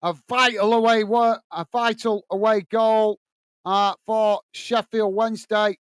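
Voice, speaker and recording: A man's voice: high voice, fairly even intonation, a little slow, clean tone, no room sound. A man from England hosting a live football watch-along, scolding a commenter bluntly and then describing the play to viewers. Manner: blunt, irritated ranting at a commenter.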